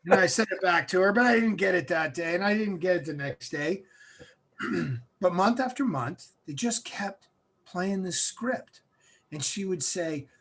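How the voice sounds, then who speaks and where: A middle-aged man from central Massachusetts, a guest telling a personal story in an animated way and often clearing his throat. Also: sits high, moderate pace.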